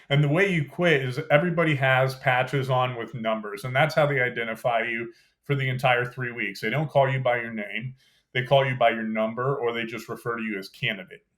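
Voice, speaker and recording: A young adult man talks through his memories of brutal training in a casual, conversational way. He lays out the details step by step and fills his sentences with "you know" and "like." His voice sits at an ordinary middle pitch. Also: fairly bright tone. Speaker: podcast guest, former Green Beret. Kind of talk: casual storytelling interview.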